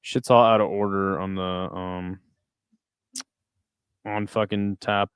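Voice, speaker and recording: A man's voice: deep voice, level tone, takes it slowly, clean tone, no echo, clean studio sound. A man from the United States hosting a fight watch party stream, giving crude, joking commentary and chatting with viewers. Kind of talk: casual live-stream commentary.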